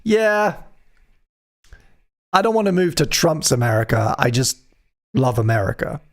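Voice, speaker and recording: A man's voice: mid-range voice, animated, brisk. A man hosting a live music stream, chatting casually with wry, self-deprecating jokes.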